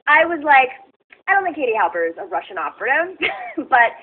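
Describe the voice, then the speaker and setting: A woman's voice: sits high, big pitch swings, a little fast, a crowd in the background. A woman hosting a talk show interview, hesitant and meandering, with many fillers. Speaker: host. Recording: tinny phone-like sound.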